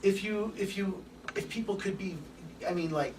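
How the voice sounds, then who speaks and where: Animated male lecturer, distant and hissy. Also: high-pitched, normal speed, roomy sound. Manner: animated, swears casually, acts out little scenes. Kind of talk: open forum lecture. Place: room with an audience. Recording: distant mic with background hiss.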